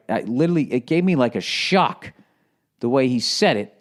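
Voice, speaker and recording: A man's voice: mid-range voice, expressive, moderate pace. A man in his forties with a Boston accent, hosting a casual solo podcast and rambling with lots of swearing. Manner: profane, rambling, slips into shouted movie-gangster impressions. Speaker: podcast host.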